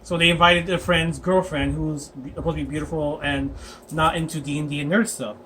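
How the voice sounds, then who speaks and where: A man's voice: fairly high pitch, steady tone, a little fast, a bit bright, a little hiss or hum. A man chatting casually as a dungeon master, rambling and laughing with many fillers. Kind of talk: casual chat.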